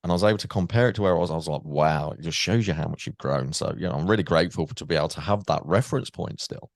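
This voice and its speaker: English guy hosting a podcast, really low voice, dead dry sound, chatty and laughing a lot. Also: racing, no echo. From England. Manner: chatty, laughing, restarts often. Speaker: podcast host. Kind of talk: casual interview chat.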